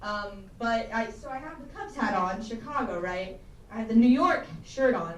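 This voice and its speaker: A young woman from Tennessee does a rambling, self-deprecating stand-up set in a small campus comedy room, swearing often before a live audience. Her voice is on the high side with lively intonation at normal speed, picked up from a distance with faint ambience and slight background noise.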